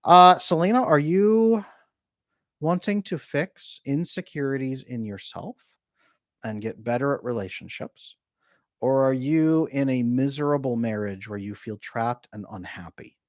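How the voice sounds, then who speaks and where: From a room at home, bookshelf in the background, a relationship coach laughs often and keeps things chatty and jokey while answering comments on his casual livestream. His mid-range voice has lively intonation. The audio is studio quality, free of echo.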